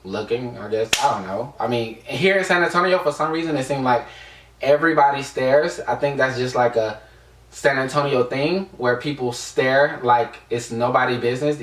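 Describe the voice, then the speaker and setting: A man's voice: mid-range voice, fairly bright tone, distant mic. Rambling young man, echoey room. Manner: rambling, lots of fillers. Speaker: vlogger. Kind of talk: casual storytime vlog. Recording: echoey room, away from the mic.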